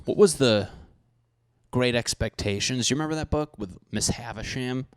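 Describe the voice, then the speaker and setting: A man's voice: medium pitch, normal speed, clean tone, no echo, clean studio sound. A young man hosting a podcast, ranting profanely and animatedly in a solo comedic monologue, often mocking people in put-on voices. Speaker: podcast host.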